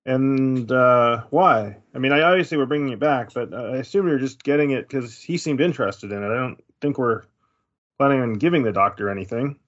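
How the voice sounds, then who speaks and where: A man's voice: mid-range voice, fairly quick, a bit bright, dull audio. A man playing a character in a tabletop role-playing game, speaking in a dry, skeptical way. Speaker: player. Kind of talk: casual tabletop play.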